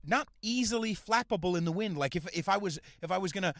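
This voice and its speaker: Profane ranting man, lively pitch. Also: fast talker, dry recording, studio quality. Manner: crude, swings from mumbling to shouting. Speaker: podcast host.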